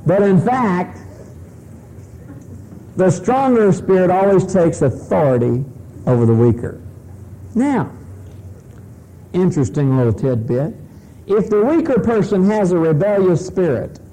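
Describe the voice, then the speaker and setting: A man's voice: on the high side, warm tone, low-quality recording. A man preaching a sermon in a humorous, conversational way, often asking the congregation questions.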